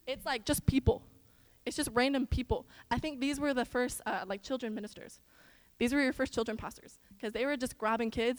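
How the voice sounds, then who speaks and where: A young woman from the Midwest preaching to a church as a children's minister, animated and emphatic, moving between loud exhortation and soft, slangy asides. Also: a little high, a little fast, poor audio. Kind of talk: casual sermon.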